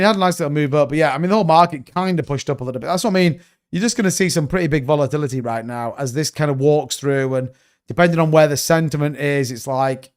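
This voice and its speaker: Male livestream host, casual and blunt, a bit high-pitched, smooth clear voice. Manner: rambling, blunt, swears freely.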